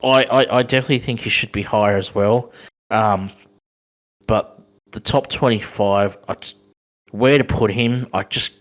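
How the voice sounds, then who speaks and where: A fairly low-pitched Australian man talks things over in a relaxed podcast chat. He stops and starts often and fills the gaps with ums. His voice sits low and steady. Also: moderate pace. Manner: hesitant, many ums and restarts. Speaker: podcast co-host. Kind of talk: casual chat.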